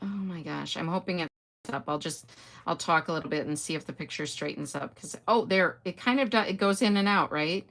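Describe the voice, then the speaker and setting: An older woman with a somewhat low voice, chatting casually through a live stream. She greets viewers by name and answers their comments in a friendly, rambling way. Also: fairly quick, creaky, fairly bright tone. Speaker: host.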